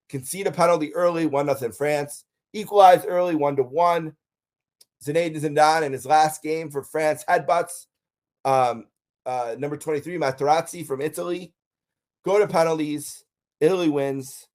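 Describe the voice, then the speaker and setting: A man's voice: fairly high pitch, moderate pace, darkish tone. Enthusiastic middle-aged man telling stories. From Buffalo, USA. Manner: enthusiastic storyteller, frequent ums and uhs. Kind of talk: casual countdown monologue.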